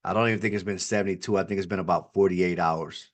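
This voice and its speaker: A man presenting a live online webinar, pitching an opportunity in fast, hype-driven salesman patter, often calling out to the audience. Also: fairly even intonation. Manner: repeats "ladies and gentlemen" and "all right".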